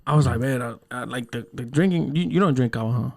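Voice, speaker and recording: A young man hosting a casual podcast, rambling through stories with lots of swearing and quick put-on voices for the people he quotes. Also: mid-range voice, gravelly. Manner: rambling storyteller, heavy cursing, acts out voices in quotes. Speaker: podcast host.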